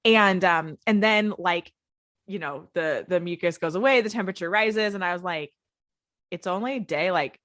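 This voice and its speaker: A pregnant woman talking in a casual conversation, animated and laughing as she acts out her own past thoughts. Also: fairly low pitch, normal speed, dry recording, studio quality.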